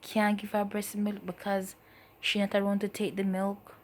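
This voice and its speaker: A woman giving a personal testimony as a mother, in a soft, halting, emotional way that often trails off. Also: medium pitch, monotone. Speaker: mother telling her story.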